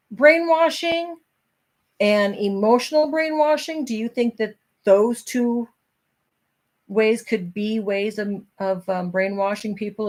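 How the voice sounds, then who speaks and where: A middle-aged woman hosting a casual talk, reading from a self-help book and chatting candidly with her viewers. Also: medium pitch.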